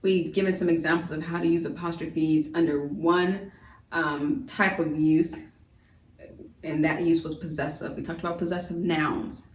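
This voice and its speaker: A woman with a low, steady voice gives a recorded grammar lesson at a moderate pace as a homeschool teacher. She's chatty and repetitive, packing in fillers and often restarting sentences. The recording has a roomy echo, and she sounds distant.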